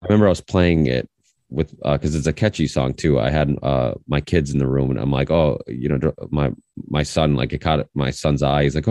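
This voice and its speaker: A podcast host with an extremely low, deep voice tells stories in a loose, rambling way, often restarting his sentences. He sounds close to the mic, with a dry, dead recording. He is a man in his thirties. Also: fast talker, no room sound. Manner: rambling, animated storytelling with many restarts. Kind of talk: casual conversation.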